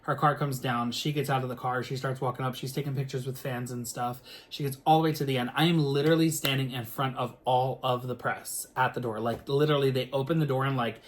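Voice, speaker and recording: A man, a singer, telling a story to the camera in a casual, animated way, full of filler words and the odd swear word. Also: medium pitch, brisk, few pauses, slight background noise.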